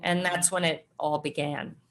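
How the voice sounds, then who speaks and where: Woman in her middle years, low-ish voice, animated storytelling, acts out quoted speech. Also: normal speed. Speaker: guest, former triathlete. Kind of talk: storytelling interview answer.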